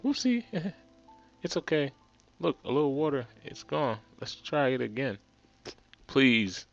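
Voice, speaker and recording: A man with a New Jersey accent commentating a game, shouting excitably and loudly. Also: medium pitch, slow pace, vocal fry. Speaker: let's play gamer. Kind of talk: let's play commentary and reading. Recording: slightly muffled with game music behind.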